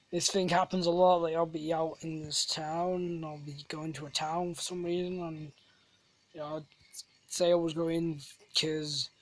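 A gamer chats loosely over their own play, drifting off into silly tangents and teasing themselves. The voice sits at an ordinary middle pitch, neither high nor low. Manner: rambling, jokey, self-deprecating asides. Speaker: gamer, channel host. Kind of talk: casual gameplay commentary.

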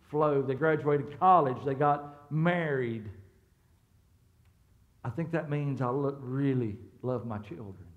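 A middle-aged pastor with a notably high voice delivers a sermon in a church. He talks in a loose, conversational way, stumbling and restarting as he goes, and keeps turning to the congregation with questions. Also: highs cut off. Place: church sanctuary.

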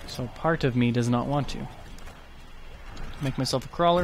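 A man's voice: mid-range voice, a little fast, long pauses, a little hiss or hum. A man giving casual let's play commentary, chatty and thinking aloud as he goes. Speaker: gaming YouTuber.

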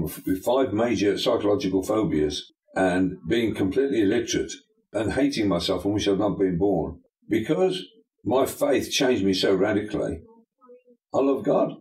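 Give me an older man preaching emphatically in an echoey room, with a lowish voice. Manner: emphatic, folksy sayings and lively asides. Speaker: pastor and bishop, guest. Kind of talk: preacherly interview talk.

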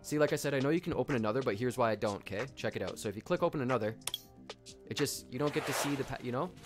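A man's voice: mid-range voice, very fast. Hyped young man on a live stream. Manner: excitable, shouts out chat names, laughs often. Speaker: streamer opening card packs. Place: home office. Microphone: desk microphone. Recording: loud game music under the voice. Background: game music.

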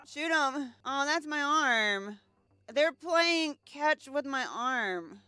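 A young woman commenting on her gameplay, excitable, swearing and joking. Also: high voice, very slow, dry recording. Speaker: gaming channel host. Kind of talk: let's play commentary.

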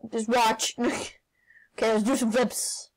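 A woman playing a video game and commenting as she goes, excitable, often shouting and laughing. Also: a little high, takes it slowly, poor audio. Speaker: gaming channel host.

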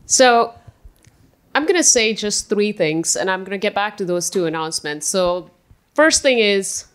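A woman's voice: mid-range voice, lively intonation, unhurried, clean tone. Organized woman panelist making announcements. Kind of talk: panel discussion.

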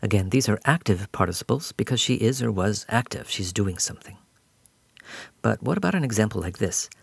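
A man's voice: lowish voice, lively intonation, fairly quick, vocal fry, husky, dry recording. A man giving a patient, explanatory recorded grammar lesson as a language teacher.

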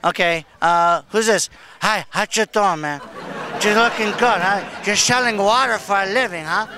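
Playful high-voiced man hosting street interviews. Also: moderate pace, a crowd in the background, background noise. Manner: playful, teasing. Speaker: comedian host. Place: outdoors at a beach boardwalk.

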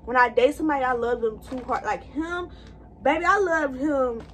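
A woman with a high voice, talking straight to her viewers as she gets ready. Her casual chat rambles from one thought to the next, recorded on a phone or camera held close. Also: normal speed, a bit bright, a little hiss or hum. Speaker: vlogger.

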